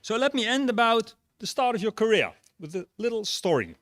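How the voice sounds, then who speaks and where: A man giving a relaxed graduation speech and telling jokes and a story. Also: high-pitched, fairly quick, dry recording, clean studio sound. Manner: relaxed, tells jokes and stories. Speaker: graduation speaker. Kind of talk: ceremonial speech.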